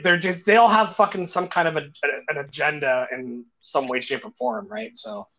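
A man in his forties hosts a casual chat in a bright voice. He talks loosely, with plenty of fillers, restarts and swearing. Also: on the high side, moderate pace. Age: 40s. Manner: loose, profane, filler-heavy. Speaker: host. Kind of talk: casual conversation.

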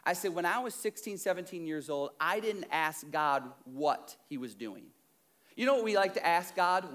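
A middle-aged male pastor telling a story in a sermon, conversational and animated, acting out what people said. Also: a little high, normal speed. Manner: animated, conversational, acts out quotes.

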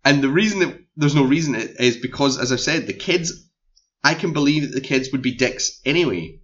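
A man's voice: medium pitch, brisk, muffled recording. A man with a Scottish accent, chatting casually about a film he watched, animatedly acting out the scenes and the movie's reactions. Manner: animated, acts out scenes and the movie as talking characters. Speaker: film podcast co-host. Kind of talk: casual film review chat.

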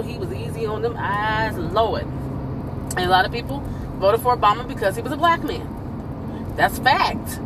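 A woman's voice: a little high, noisy background. A woman hosting a podcast, giving her opinions in a blunt, emphatic, profane way. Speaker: podcast host. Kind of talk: casual opinion monologue.

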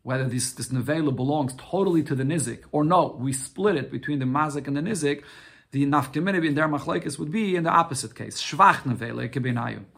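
Brief: male Talmud teacher, fairly high voice, patient step-by-step explainer, answers his own questions. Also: fairly quick, creaky, a bit bright, breathy edge. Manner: explains step by step, mixing Aramaic phrases with English; rhetorical questions answered himself. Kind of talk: Talmud lesson.

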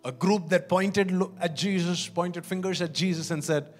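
A man's voice: high-pitched, steady tone, moderate pace, few pauses, soft background music. A man preaching a sermon in an earnest, pleading way, often repeating and restarting phrases.

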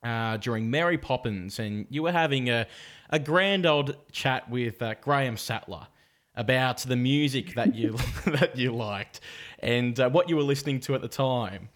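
A man hosting an interview, enthusiastic and quick to laugh. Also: medium pitch, fairly bright tone. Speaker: interviewer, host. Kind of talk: casual interview chat.

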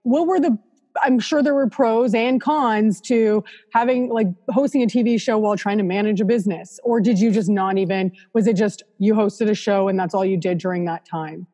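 A chatty woman host asks her questions eagerly, filling the gaps with "um" and "like". Her voice sits mid-pitch for a woman. A long reverb trails after each phrase, as if she were in a big, roomy space. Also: normal speed, warm tone. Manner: eager, chatty, many fillers. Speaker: podcast host. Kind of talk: casual interview chat.

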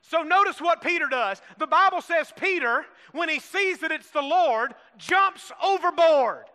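A man's voice: extremely high pitch, lively intonation, a little slow, pushed and bright. A man preaching a sermon with folksy humor, prompting the congregation to repeat phrases and acting out the disciples' lines. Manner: preaching with call-and-response prompts. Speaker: pastor. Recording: long hall reverb.

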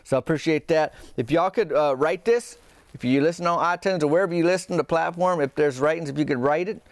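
A man's voice: fairly high pitch, fast talker, no room sound. A man hosting a podcast, telling a comic story in a folksy, meandering, self-deprecating way. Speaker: podcast host.

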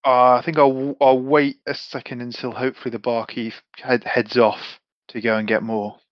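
A man chats casually as a tabletop game player, often stammering and repeating words. His mid-pitched voice is recorded dry and close. The sound is muffled and lo-fi. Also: level tone, moderate pace, no echo. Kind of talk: casual game play chat.

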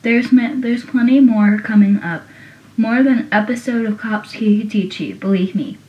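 A woman's voice: medium pitch, normal speed, lightly acted. A young woman reading the lines of a stern young male town cop in her own voice. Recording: dull, roomy, from a distance.

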